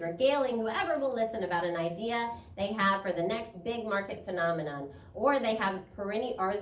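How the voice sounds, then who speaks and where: A woman spiritual leader with a higher voice gives a sermon in a church sanctuary, reading expressively from a book and laughing easily. Her animated reading is captured on a distant mic in an echoey room, with faint ambience and a little hiss or hum.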